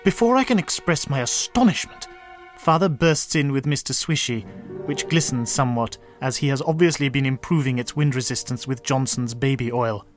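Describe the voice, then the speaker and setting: A man narrating a comic story with a dry, deadpan delivery. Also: mid-range voice, moderate pace, soft background music.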